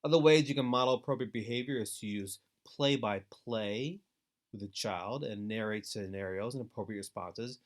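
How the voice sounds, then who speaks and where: A man giving an instructional webinar talk to foster parents, earnest and deliberate, with steady advising emphasis. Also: on the low side. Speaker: foster care trainer.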